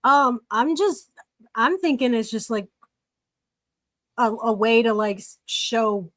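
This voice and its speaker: A woman with a fairly high voice in a casual online chat, hesitant and hedging as she gropes for what she means. Her voice sounds close and dry. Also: a bit bright, dry recording. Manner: tentative, hedging, slow to find words. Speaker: guest.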